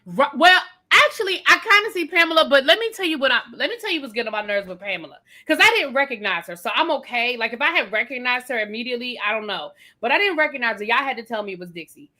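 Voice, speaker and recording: A woman with a bright, fairly high voice talks casually at home as host of a live review show. She makes her points with lively emphasis and circles back to repeat them. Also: fast, few pauses. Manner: animated, emphatic, repeats phrases. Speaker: channel host. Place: home, getting ready to go out.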